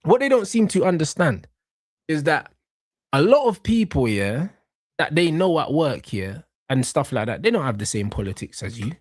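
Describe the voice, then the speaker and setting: A man's voice: on the high side, sing-song, moderate pace, no room sound, clean studio sound. A man, hosting a casual football podcast and ranting in slang, swearing often. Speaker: podcast host.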